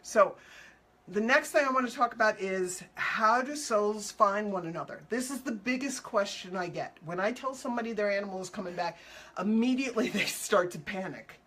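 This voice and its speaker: A woman's voice: mid-range voice, moderate pace, fairly bright tone, a little hiss or hum. A woman hosting a show as an animal communicator, chatting casually and upbeat with viewers, answering their questions in loose, repetitive phrasing and acting out quotes playfully.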